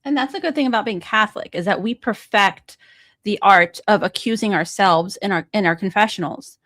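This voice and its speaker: A young woman co-hosting a talk show, animated and mocking, laughing easily and slipping into impressions. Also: mid-range voice, fairly quick, no echo. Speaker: co-host. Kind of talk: casual conversation.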